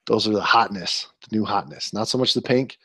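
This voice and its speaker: A man's voice: on the low side, a little fast, pushed and bright, breathy edge, no room sound, clean studio sound. A man in his twenties co-hosting a casual podcast, telling annoyed stories with an exasperated, ranting manner. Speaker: podcast co-host.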